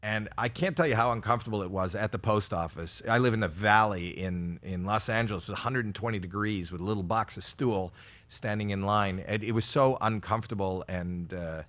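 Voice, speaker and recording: A man's voice: fairly low pitch, brisk, fairly bright tone. Man in his sixties doing stand-up. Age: 60s. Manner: rambling, self-deprecating storytelling with frequent stammered restarts. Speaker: stand-up comedian. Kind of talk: stand-up routine for a virtual audience.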